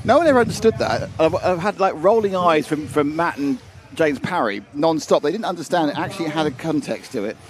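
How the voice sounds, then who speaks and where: Chatty British man with a lively voice. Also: fairly high pitch. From United Kingdom. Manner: chatty, self-mocking, quick to laugh. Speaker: race stream co-commentator. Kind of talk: casual live-stream chat.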